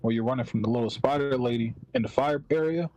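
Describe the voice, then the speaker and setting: A man in a casual gaming chat, animated and slangy, swearing freely. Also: mid-range voice, fast, no room sound, poor audio. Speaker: guest.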